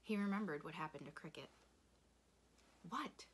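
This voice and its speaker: A woman reading a children's novel aloud in measured storytelling. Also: on the low side, a bit bright. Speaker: reader.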